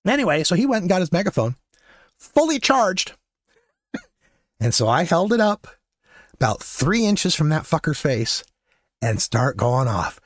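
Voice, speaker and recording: A male host with a fairly high, very lively voice tells a story in a loose, casual monologue. He talks bluntly and swears freely, and he climbs toward near-shouting when he gets heated. The recording is close and dry, with no room sound. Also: a little slow, pauses often, no room sound. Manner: animated, rising to near-shouting when worked up, laughs between lines; profane and blunt. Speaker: podcast host.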